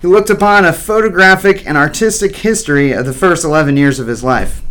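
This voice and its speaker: A man's voice: fairly high pitch, fairly quick, few pauses, fairly bright tone. A man narrating a children's story playfully, with wry asides to the listener.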